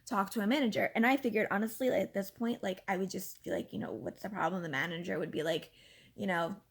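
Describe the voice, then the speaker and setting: A woman in her thirties casually telling a story from her own life, animated and exasperated, with lots of fillers. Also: medium pitch, quick pace, creaky, husky. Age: 30s. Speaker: vlogger.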